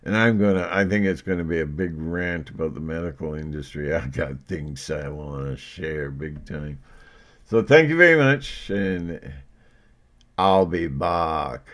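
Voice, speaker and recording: A man's voice: rumbling low, moderate pace, a bit bright. A man talking to camera in a rambling, casual monologue, joking and self-mocking, with frequent laughs. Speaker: video blogger.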